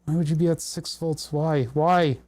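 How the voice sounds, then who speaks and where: A young man on a casual livestream works through electronics problems, muttering and cursing when things fail. His voice is a little high with a steady, darkish tone, and he speaks at a moderate pace.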